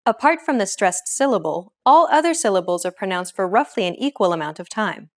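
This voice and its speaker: A woman's voice: medium pitch, lively intonation, a little fast. Woman narrating a pronunciation lesson. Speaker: language teacher narrator.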